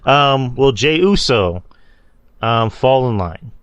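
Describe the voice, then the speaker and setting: A man's voice: mid-range voice, animated, takes it slowly, fairly bright tone, no echo. A man hosting a podcast, casually recapping wrestling shows in a loose, rambling way, swearing and laughing at his own slips. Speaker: podcast host.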